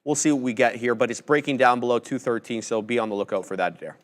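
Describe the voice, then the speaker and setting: Man calmly walking through stock charts. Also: medium pitch, fast talker. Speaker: co-host of a live trading show. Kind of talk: live market commentary.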